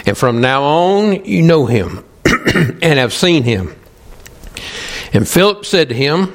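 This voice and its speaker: A male pastor, preaching emphatically, slowing and pausing for stress. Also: fairly high pitch, sing-song. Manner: emphatic, pleading with pauses. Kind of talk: sermon.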